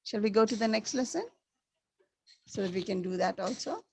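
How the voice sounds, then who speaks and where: A woman teaching a school class, slowly repeating the key words for her students. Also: medium pitch, animated, creaky, darkish tone, a little hiss or hum. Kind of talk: classroom lesson.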